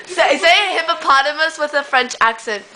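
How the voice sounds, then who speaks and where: A woman's voice: high-pitched, normal speed, sharp tone, slight background noise, rough recording. A young woman filming her friends on a home camcorder, teasing and giggling in casual chat. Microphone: handheld camcorder.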